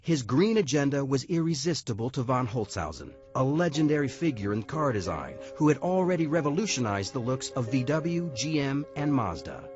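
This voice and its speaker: A man's voice: mid-range voice, sing-song, normal speed, few pauses. Man narrating a documentary over music. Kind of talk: scripted narration. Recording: dull lo-fi audio over music.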